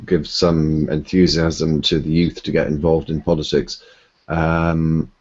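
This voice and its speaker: Deep guy in a politics chat, lots of ums, polite, low-fi sound. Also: level tone, measured pace, darkish tone. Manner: hesitant, filler-heavy, polite. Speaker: debate participant. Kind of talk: casual political discussion. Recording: dull lo-fi audio.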